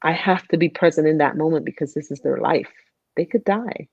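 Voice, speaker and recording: A woman's voice: low voice, fairly quick, creaky, slightly rough, no room sound. A woman who works as a nurse, talking earnestly in a casual conversation and acting out how she coaches patients through their breathing. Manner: earnest, acts out patients and her own calm coaching. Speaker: nurse, guest. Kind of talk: casual conversation on a video call. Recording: dull, muffled video call audio.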